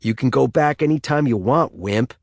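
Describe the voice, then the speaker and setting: An irritable fifteen-year-old boy who snaps at his brothers in a raised, forceful voice, as a narrator puts him on. Read dry and close for an audiobook. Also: mid-range voice, moderate pace, creaky, no echo, voice pushed up. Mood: angry. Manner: angry, snapping.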